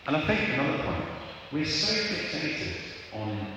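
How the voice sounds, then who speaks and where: A man's voice: fairly high pitch, big pitch swings, normal speed. A man preaching a sermon, earnest and candid, often checking in with his listeners. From England. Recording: echoey hall with background noise.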